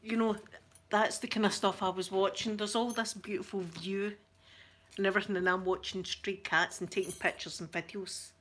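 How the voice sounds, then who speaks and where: A middle-aged woman with a Scottish accent, chatting to a livestream audience in a rambling, giggly storytelling way with soft asides. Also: medium pitch, flat delivery, moderate pace. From Scotland. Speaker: ASMR channel host.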